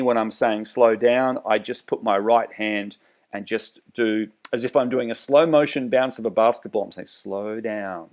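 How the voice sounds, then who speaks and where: A man who trains driving instructors, explaining with examples in an online training lecture, with frequent fillers and restarts. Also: mid-range voice. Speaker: driver trainer.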